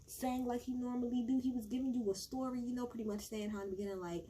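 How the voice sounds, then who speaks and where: A woman recapping an awards show in a casual chat to her viewers, animated and gushing, swearing freely as she talks straight to the camera. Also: a little high, fast, slight background noise, poor audio.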